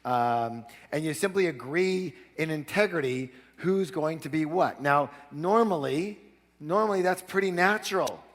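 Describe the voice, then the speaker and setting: A man giving a live negotiation seminar, energetic and commanding, prompting the audience to answer. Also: a little high, a little slow, big-room sound.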